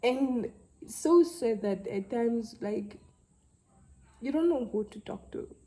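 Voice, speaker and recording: A young woman, talking to camera in a halting, heartfelt way and close to tears. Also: on the high side, animated, dark tone, poor audio. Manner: halting, heartfelt, with many restarts. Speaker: vlogger. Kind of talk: casual talk to camera.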